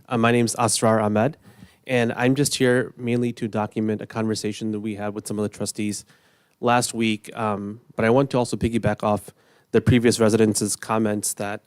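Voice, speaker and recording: A man's voice: on the low side, smooth, no echo. Earnest emotional man at a podium, dry sound. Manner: earnest, emotional, halting with restarts. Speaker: resident speaking at public comment. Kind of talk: public comment at a village board meeting. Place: village board meeting room.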